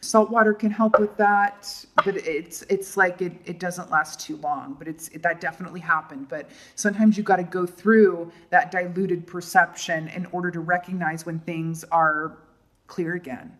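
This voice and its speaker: A woman's voice: fairly low pitch, steady tone, moderate pace, a bit bright. A middle-aged woman giving a casual tarot reading, chatty and theatrical, talking straight to the viewer and calling them honey and darlings. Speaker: tarot reader.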